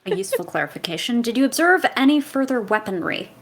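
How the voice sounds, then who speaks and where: A stiff, dutiful alien, voiced by a woman, clipped and precise in how she talks. Her pitch sits a little high and swings in a lively way. She sounds like a character from a tabletop game. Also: fast. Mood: formal.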